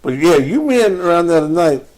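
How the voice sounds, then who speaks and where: A man's voice: a little high, very animated, a little fast, a little mellow. A man hosting a live call-in show, bantering with crude, profane jokes. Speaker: radio call-in show host, addressed as pastor.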